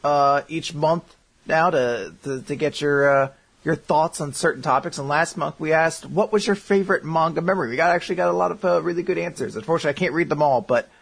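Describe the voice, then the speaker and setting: A man's voice: on the high side, quick pace, creaky, slightly rough. A man co-hosting a podcast, chatting casually and joking around, reading out listener answers. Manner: animated, jokey, puts on silly voices when quoting. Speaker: podcast co-host. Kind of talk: casual chat.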